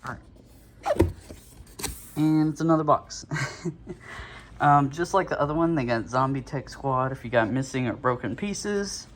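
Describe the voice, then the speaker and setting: A man's voice: medium pitch, normal speed, a little hiss or hum. A man casually talking through an unboxing at home, a bit out of breath, rambling with lots of fillers and little chuckles. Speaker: vlogger.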